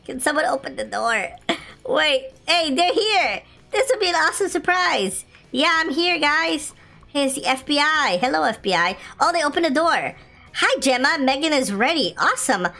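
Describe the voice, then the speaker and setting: A woman hosting a casual gameplay video, chatty, excitable and often giggling as she plays. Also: high-pitched, normal speed, vocal fry, faint music behind. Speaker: gaming video host.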